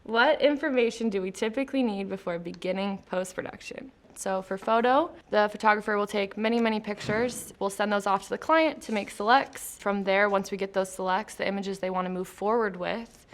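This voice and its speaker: Speaking briskly with few pauses in a medium-pitched voice, a post-production traffic manager is the guest in a casual company studio interview. She's chatty and laughs a lot, filling her explanation of her job with fillers as light questions come her way.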